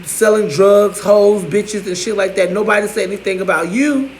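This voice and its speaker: A man's voice: high-pitched, normal speed, slight background noise. A man ranting to camera in a profane, sassy, scolding way, in an echoey room. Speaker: vlogger.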